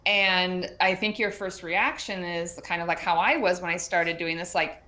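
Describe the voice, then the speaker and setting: Chatty, animated woman guest. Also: lowish voice, moderate pace, hardly any pauses. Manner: chatty and animated, with many fillers and restarts. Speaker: interview guest, educator and business mentor. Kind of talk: casual conversational interview.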